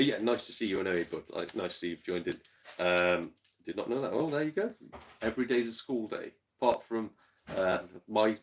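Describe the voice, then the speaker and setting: A man chatting casually to livestream viewers, rambling, swearing freely and chuckling between rants. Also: fairly low pitch. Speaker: game collector streamer.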